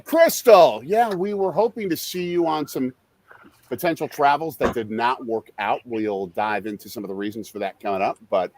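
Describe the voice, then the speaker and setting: A middle-aged man hosting a casual live-stream chat, a father who talks through a baseball game with quick excitable outbursts. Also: mid-range voice. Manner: animated, excitable, jumps into loud outbursts. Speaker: podcast host and father.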